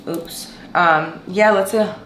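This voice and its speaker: Slow and lowish, her voice has a bit of brightness, set in an echoey room with slight hiss or hum. The young Brooklyn, New York woman reviews coffee in a casual, meandering vlog about food and coffee, with sing-song greetings and occasional jokes at her own expense.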